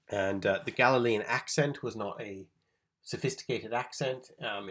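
A man teaching on a Gospel passage in a conversational sermon style, explaining the background, checking in with his listeners and loosely paraphrasing the text. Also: medium pitch. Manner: thinks aloud with restarts, paraphrases scripture informally. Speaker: Bible teacher.

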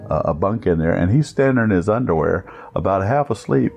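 A man's voice: low voice, animated, brisk, gravelly, darkish tone, lo-fi sound. A man telling a story in a folksy, rambling way, laughing at his own tale. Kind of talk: casual storytelling.

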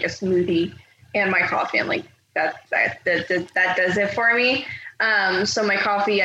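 A woman's voice: mid-range voice, pushed and bright, lo-fi sound, slight background noise. A young woman in casual chat, rambling with many fillers and laughing often. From Canada. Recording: echoey room with faint ambience.

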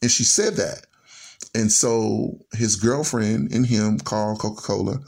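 Speaking a little slowly, this Chicago man has a fairly low, creaky, slightly mellow voice. He's a middle-aged storyteller guest recounting something personal in an earnest, conversational manner, frequently linking ideas with "and so."

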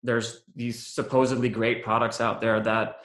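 A man's voice: medium pitch, little pitch movement, normal speed, a bit bright. A man being interviewed, telling his own story candidly and reflectively, with lots of "um" and "you know". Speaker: interview guest, business founder. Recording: roomy echo.

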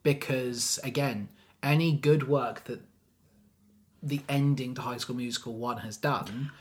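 A man co-hosting a relaxed film review chat. He is opinionated and emphatic, leaning hard into his views. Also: mid-range voice, unhurried. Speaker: podcast co-host.

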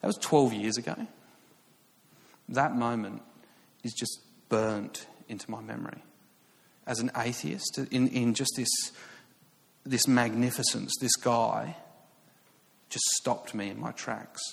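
A man's voice: mid-range voice, fairly even intonation, slow, gravelly, long pauses, big-room sound. A man in his thirties with an English accent, preaching a sermon as a story, chatty and self-mocking with many fillers and restarts. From England.

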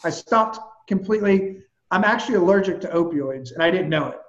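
A man with a notably high voice tells his story with animated energy and casual bluntness. The sound is roomy and a bit muffled. He speaks as a guest on a casual chat. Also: a little fast. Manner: animated, vivid storyteller who swears casually. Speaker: guest, personal trainer.

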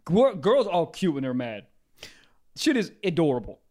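A man laughing and reacting loudly in casual crude podcast banter. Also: a little high, big pitch swings, normal speed.

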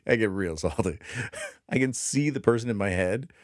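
A man's voice: lowish voice, expressive, moderate pace, no room sound, clean studio sound. A man co-hosting a podcast, bantering casually with sarcastic jokes and frequent laughter. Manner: sarcastic, joking, laughs often. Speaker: podcast co-host.

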